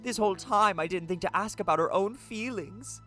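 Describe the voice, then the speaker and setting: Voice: mid-range voice, moderate pace, sharp tone, faint music behind, pitched above the performer's own voice, natural voice. A streamer reading out the lines of a teenage girl who leads a club and is weighed down by guilt, in an earnest, self-reproaching voice. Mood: guilty. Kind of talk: reading visual novel dialogue aloud.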